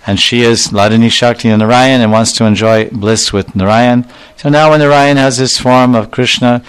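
A spiritual teacher with a clear, resonant, mid-range voice gives a devotional lecture. He retells scriptural dialogues and quotes verses as he tells the stories, acting out the dialogue and using quoted Sanskrit-Bengali terms.

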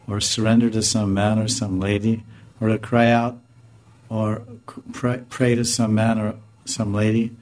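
Low-voiced man giving a devotional talk. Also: a little mellow. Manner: conversational, self-correcting, chuckling now and then. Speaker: spiritual teacher. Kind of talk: devotional discourse answering a question.

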